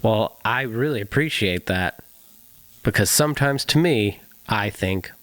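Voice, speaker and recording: A man's voice: fairly low pitch, lively intonation, a little slow, a bit bright, dry recording. A male musician in casual podcast chat, talking animatedly, laughing often and swearing freely.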